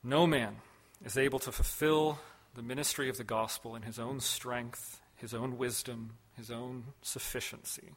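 A man preaching a sermon as a pastor, measured and emphatic, with loud stressed words and sudden soft drops. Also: mid-range voice, fairly even intonation.

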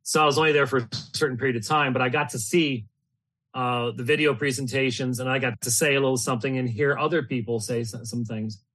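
Rambling mid-pitched man reminiscing. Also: steady tone, fast talker, a bit bright. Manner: rambling, full of fillers and restarts, laughs often. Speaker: host. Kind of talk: casual spoken reflections.

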